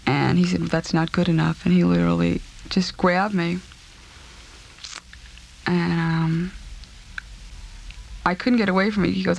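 A woman recounting a personal ordeal in an interview, speaking in a halting, subdued way and repeating herself. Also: fairly low pitch, fairly even intonation, creaky.

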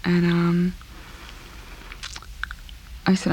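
A woman recounting a personal ordeal in an interview, speaking in a halting, subdued way and repeating herself. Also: fairly low pitch, completely flat delivery, gravelly, darkish tone, a little hiss or hum.

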